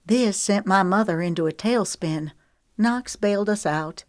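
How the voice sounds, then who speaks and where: A woman's voice: mid-range voice, a little slow, dry recording, voice pushed up, natural voice. A woman narrator voicing a guarded young woman country singer, earnest and rueful, in a dry close recording.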